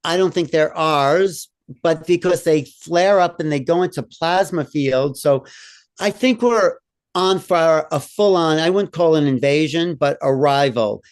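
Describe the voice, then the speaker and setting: A man's voice: fairly high pitch, darkish tone, clear, resonant tone. A man co-hosting a talk show, answering a viewer question in a conversational, opinionated way as he thinks aloud. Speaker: co-host. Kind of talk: live talk show commentary.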